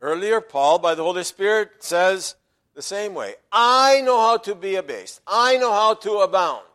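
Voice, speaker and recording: A man preaching a sermon as pastor, emphatic, dropping to quiet asides and rising loudly on quoted verses. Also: sits high, lively intonation, measured pace.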